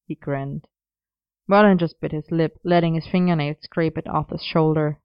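A narrator reading a romance story aloud in a steady, even storytelling manner. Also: medium pitch, normal speed, clear, resonant tone, dry recording, lo-fi sound.

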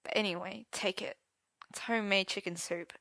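A woman's voice: medium pitch, steady tone, moderate pace, vocal fry, sharp tone, no echo. A woman voicing a heartbroken young man, crying and speaking in tearful half-whispers. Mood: bitter.

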